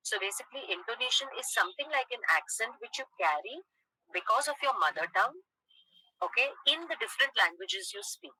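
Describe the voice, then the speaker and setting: A woman teacher lecturing a class, checking in with "okay?" and pausing on "uh". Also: fairly high pitch, lively intonation, bright, forceful tone, husky, no echo, low-quality recording. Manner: explains with frequent "okay?" check-ins and "uh" pauses.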